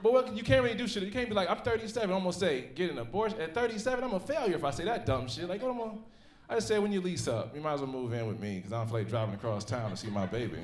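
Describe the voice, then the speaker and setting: A man's voice: on the high side, very fast. A man in his thirties performing a profane, laughing stand-up comedy set on a comedy club stage. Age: 30s. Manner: profane, animated storytelling with laughs. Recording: roomy live club sound.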